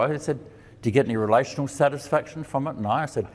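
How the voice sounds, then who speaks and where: Quick-paced, with a higher voice and lively intonation, this man preaches and teaches in a conversational sermon, posing questions he then answers. He voices the quoted lines of dialogue, and the recording carries a hall's long reverb.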